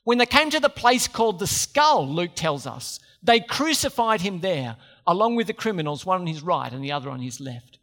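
A man's voice: high-pitched, very animated, moderate pace, hardly any pauses, fairly bright tone. A man preaching a sermon, conversational, with joking asides to the congregation.

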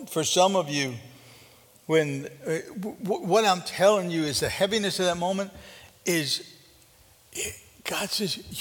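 A man preaching a sermon as pastor, conversational and earnest, dropping to a hushed intensity. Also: high voice. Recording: reverberant hall.

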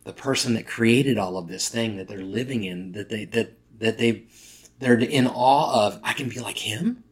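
A man's voice: lowish voice, moderate pace. A male pastor giving a conversational, emphatic sermon, often restarting phrases.

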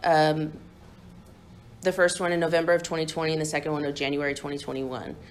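A woman's voice: low-pitched, level tone, a little fast, slight background noise. A young woman candidly telling her own recovery story to a group, blunt and profane and laughing often. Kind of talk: candid personal testimony to a group.

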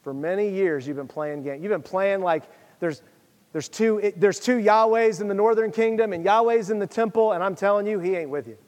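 A male pastor with a high voice preaches in a casual, conversational way. He moves between reading scripture and urging his listeners directly. His voice rings through a hall with a long echo. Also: brisk, a little mellow. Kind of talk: sermon.

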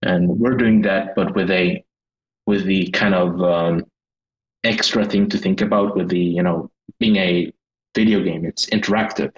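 Deep-voiced man with a Swedish accent. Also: steady tone, unhurried, muffled recording. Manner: hesitant, searching for words. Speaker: guest game designer. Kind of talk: casual interview chat.

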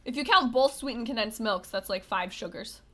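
A woman with a fairly high voice co-hosts a casual podcast. She reads ingredient lists aloud and teases her partner in easy, chatty talk. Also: brisk, pushed and bright. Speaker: podcast co-host. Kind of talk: casual chat.

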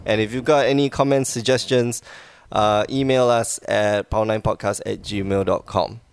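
A man's voice: lowish voice, steady tone, normal speed, vocal fry, smooth, no room sound. A man hosting a podcast in casual chat, rambling and laughing easily, with a wheezy cough. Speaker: podcast host.

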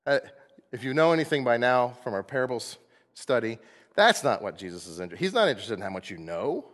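A man preaching a sermon as pastor, playful and animated, acting out little voices as he goes. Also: medium pitch, fast talker. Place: church sanctuary. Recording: long hall reverb.

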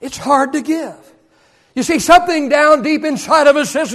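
A man's voice: very high voice, moderate pace, fairly bright tone. A male pastor preaching a sermon to his congregation, repeating key phrases for emphasis. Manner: preaching with emphatic repetition, leading the congregation in call-and-response. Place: church service.

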